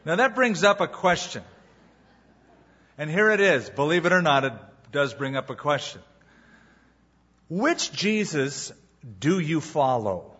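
A man preaching a sermon as pastor, telling a story with dramatic pauses before moving into his teaching. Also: a little high, sharp tone, lo-fi sound.

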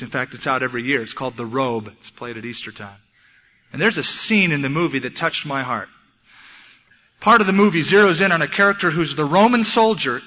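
A man's voice: fairly high pitch, sharp tone. A young adult man preaching a sermon in an earnest, emphatic, storytelling way, in an echoey hall on a dull lo-fi recording. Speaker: pastor.

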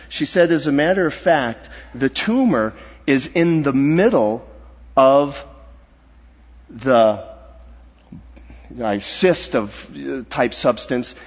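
A middle-aged man telling a personal story in a sermon, earnest and halting, his voice dropping to a hush at the grave parts. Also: medium pitch, animated, slightly rough. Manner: earnest, halting, dropping to a hushed voice at serious moments. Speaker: guest speaker. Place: church sanctuary. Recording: dull reverberant hall sound.

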